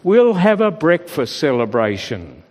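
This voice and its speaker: A man's voice: fairly high pitch, very animated, a little slow, a little mellow. A man voicing a kindly shepherd father in a story read aloud in church. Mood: joyful. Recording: reverberant church hall.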